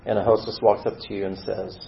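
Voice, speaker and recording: A man's voice: fairly low pitch, level tone, fast, vocal fry, slight background noise. A man preaching a sermon as a vivid story and acting out the scenes, in a roomy and slightly dull recording. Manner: vivid, acts out scenes with dramatic swings in volume.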